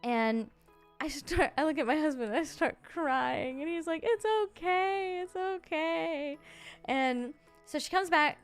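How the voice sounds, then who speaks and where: Woman, around thirty, streamer, casual storytelling, highish pitch, chatty with restarts, faint music. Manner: chatty, heavy on "like" fillers, halting restarts.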